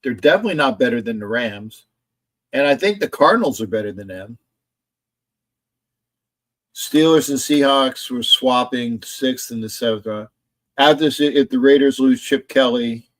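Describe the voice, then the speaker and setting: A man's voice: medium pitch, moderate pace, pauses often, a bit bright. A man hosting a casual live stream about football, rambling, reading chat messages aloud and arguing back at them from a home setup in front of a camera. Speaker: sports streamer.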